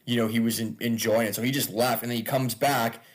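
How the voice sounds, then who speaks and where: A man's voice: mid-range voice, steady tone, a little fast. A man, a stand-up comedian, chatting casually as a podcast guest, loose and laughing, with frequent swearing.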